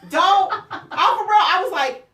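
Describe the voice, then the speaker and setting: A woman hosting a casual talk show, telling lively stories about her children and acting out their lines. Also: very high voice, a little slow, distant mic. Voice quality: lively storyteller, acts out quotes. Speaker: host. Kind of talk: casual chat. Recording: roomy, off-mic.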